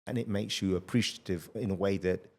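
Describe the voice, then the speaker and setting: A middle-aged man with a fairly low voice hosts a podcast in relaxed conversation. He tells energetic, blunt anecdotes and swears freely. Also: brisk. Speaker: podcast host. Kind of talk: casual conversational storytelling.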